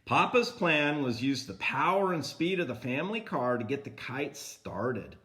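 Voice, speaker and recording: An older man reading a picture book aloud to a grandchild, pausing to point at the pictures and comment on them. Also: medium pitch, very animated, bright, forceful tone.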